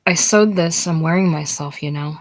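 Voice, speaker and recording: A woman voicing a chatty, excitable young woman who rattles on about her stage triumph, in a casual script reading. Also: deep voice, normal speed, poor audio. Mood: proud. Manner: rattles on breathlessly, gushing.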